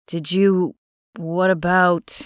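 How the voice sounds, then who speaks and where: A woman narrator voicing a smitten young man, the earnest romantic lead of an audiobook, in a slightly lowered, tender delivery. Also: level tone, slow, dry recording, clean studio sound. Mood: stunned. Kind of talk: audiobook character voice.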